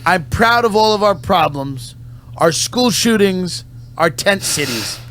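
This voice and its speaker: A comedian delivering a satirical, mock-solemn patriotic monologue in a deadpan manner. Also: male voice, sits high, takes it slowly. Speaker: comedian and podcast host.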